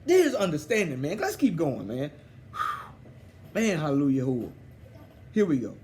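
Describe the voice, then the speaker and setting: A man teaching a scripture study, excited and fervent in a preachy way. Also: fairly high pitch, measured pace, pauses often, a little hiss or hum. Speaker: Bible teacher.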